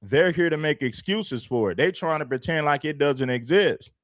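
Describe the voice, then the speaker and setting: A man's voice: a little high, lively intonation, normal speed, dry recording, clean studio sound. A man hosting a livestream, talking emphatically and repeating his points like a preacher. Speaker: livestream host. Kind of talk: commentary livestream.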